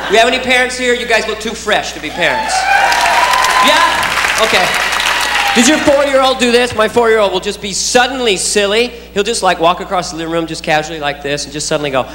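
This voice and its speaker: A man's voice: high-pitched, fairly quick. A man doing stand-up comedy for a live audience, playful and full of silly sound effects. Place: large venue with live audience. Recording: roomy hall, loud crowd and noise.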